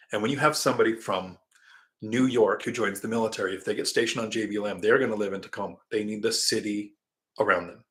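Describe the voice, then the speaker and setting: A middle-aged man hosting a live stream, chatting casually, reading viewer comments aloud and drifting into rambling anecdotes from a quiet spot. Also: lowish voice.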